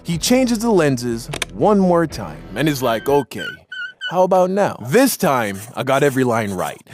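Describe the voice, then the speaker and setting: Man, casual slangy storytime narration, animated intonation, mid pitch, faint music behind. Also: measured pace. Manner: casual slangy street talk, acts out the people in his story.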